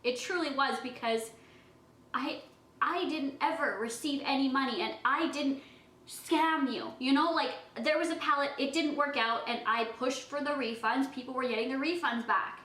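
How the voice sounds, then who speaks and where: A woman's voice: sits high, moderate pace, sharp tone, reverberant, low-quality recording. A young woman vlogger chatting casually while eating, talking in a defensive, emotional way. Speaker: beauty vlogger. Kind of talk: casual eating-show vlog talk.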